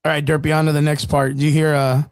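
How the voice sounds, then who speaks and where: A man's voice: on the high side, flat delivery, quick pace, creaky, no echo. A man co-hosting a casual streamed chat show, joking loosely and swearing, with lots of "dude" and "bro". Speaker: podcast co-host. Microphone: streaming mic.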